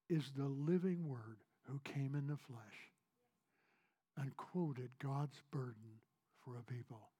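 A man preaching a sermon as pastor, earnest and repetitive, swinging between raised emphasis and soft, hushed lines. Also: mid-range voice, husky.

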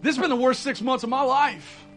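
A man delivers a sermon in a strikingly high voice, talking in a folksy, conversational way. He leans into repeated phrases when he wants to drive a point home. Faint music plays quietly behind him. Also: brisk, low-quality recording. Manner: folksy, rising to urgent emphasis with repeated phrases. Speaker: pastor.

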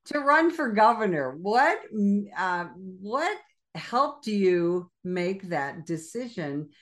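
A woman's voice: medium pitch, very animated, takes it slowly, a bit bright. A woman hosting an interview who teaches police wellness classes, asking appreciative questions. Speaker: podcast host and police wellness instructor.

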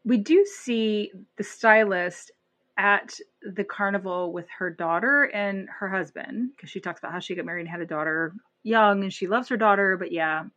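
A woman's voice: medium pitch, normal speed. A woman co-hosting a podcast, retelling scenes in casual chat and acting out the voices of the people she describes. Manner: animated retelling, acts out voices. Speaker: podcast co-host.

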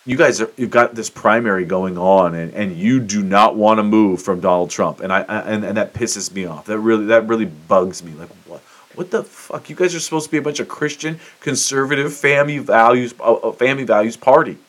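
A man's voice: fairly low pitch, normal speed, fairly bright tone. A man hosting a solo podcast, ranting in a fired-up, profane way about sports and politics. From United States. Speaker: podcast host. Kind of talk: solo opinion monologue.

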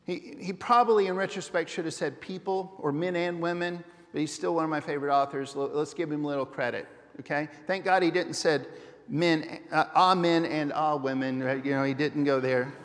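A high-voiced man preaches to his church congregation, earnest and full of questions to the room. His voice carries a long reverb through a large sanctuary. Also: a little fast. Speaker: pastor. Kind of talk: sermon.

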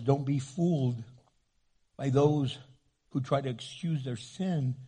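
A man preaching a sermon as a pastor, from New Mexico, joking with the congregation and doing quick funny voices. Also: medium pitch, warm tone, slightly rough.

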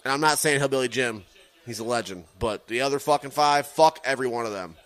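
A man's voice: mid-range voice, fast talker, fairly bright tone. A man co-hosting a podcast, heckling a wrestling broadcast with casual, profane, sarcastic put-downs. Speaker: podcast co-host. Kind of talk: casual profane watch-along commentary.

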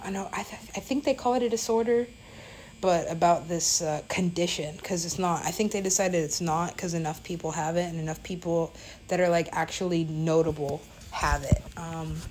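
A woman's voice: deep voice, darkish tone, a little hiss or hum, poor audio. A woman DJ telling a story in a casual, rambling way, full of fillers and swearing.

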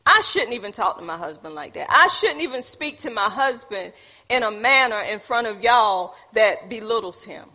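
A woman's voice: a little high, animated, normal speed, bright, forceful tone. A woman teaching a church group, preachy and calling on the audience. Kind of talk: teaching talk with congregation.

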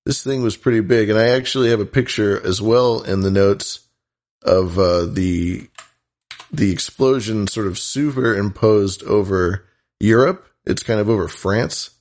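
A man's voice: fairly low pitch, measured pace, darkish tone. A man from the US West Coast hosting a podcast, chatting casually in a rambling, playful way with many restarts. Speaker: podcast host. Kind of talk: casual chat.

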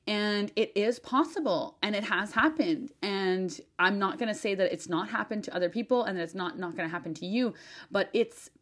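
A woman talks straight to her podcast listeners in a loose, animated monologue. She fills her sentences with fillers and restarts and swears now and then for emphasis. Her voice sits at an average pitch for a woman. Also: normal speed. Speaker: podcast host and business advisor.

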